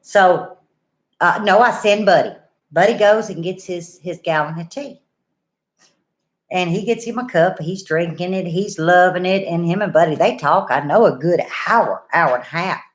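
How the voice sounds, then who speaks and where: A woman's voice: on the low side, normal speed. An older woman, chatting and telling stories to her viewers in a folksy, down-home way. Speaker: homesteading channel host. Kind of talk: casual chat and storytelling to viewers.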